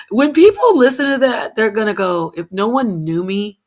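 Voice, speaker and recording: A woman's voice: medium pitch, moderate pace, hardly any pauses. Chatty woman livestreaming to her viewers. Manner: self-correcting, animated, talks to herself and viewers. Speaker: livestream host. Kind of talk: solo livestream talk to chat.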